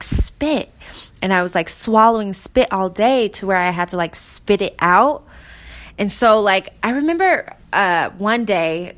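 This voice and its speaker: A woman's voice: mid-range voice, fairly bright tone. A young adult woman hosting her own podcast, talking casually and rambling with lots of fillers and frequent laughs. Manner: chatty, rambling, laughs often, many "like" fillers. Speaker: podcast host. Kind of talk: casual solo podcast chat.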